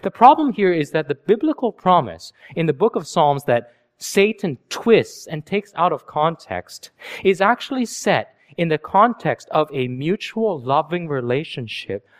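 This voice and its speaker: Male preacher, fairly high voice, lively delivery, rhetorical sermon style. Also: measured pace. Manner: animated, storytelling with rhetorical questions.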